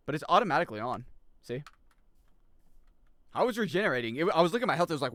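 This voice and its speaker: Man, game streamer, excitable and jokey, very animated pitch, dry close sound. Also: fast talker, dry recording. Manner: excitable, jokey, reacts loudly and reads chat aloud. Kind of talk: live gaming commentary.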